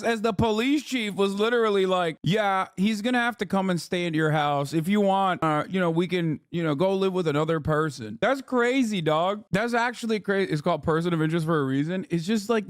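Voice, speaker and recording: A male streamer with a high-set voice gives casual reaction commentary. He sounds blunt and incredulous, swears freely, and is recorded dry and close with no room sound. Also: moderate pace, no room sound.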